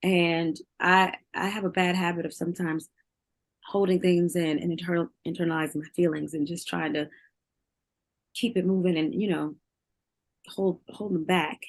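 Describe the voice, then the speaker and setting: Middle-aged woman, lowish voice, emotional and candid, repeats herself, laughs a lot. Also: fairly even intonation, normal speed. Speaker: interview guest, singer. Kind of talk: candid conversational interview.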